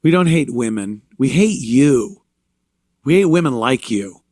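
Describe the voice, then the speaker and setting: A man's voice: medium pitch, lively intonation, unhurried, a little mellow, no echo, clean studio sound. A man hosting a talk show, ranting sarcastically with mocking, profane commentary. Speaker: show host.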